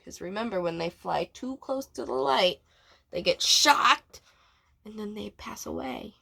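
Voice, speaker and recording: A preschool teacher reads a storybook aloud to children expressively, stopping to ask them questions. Her voice is medium-pitched and unhurried, with vocal fry and a breathy edge.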